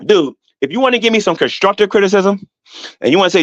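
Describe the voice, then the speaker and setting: Middle-aged male vlogger, defensive rant, voice a touch high, dry and lo-fi. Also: fast, no echo. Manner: animated, defensive, repeats himself, rises in pitch when heated. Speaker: YouTuber. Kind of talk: rambling vlog rant.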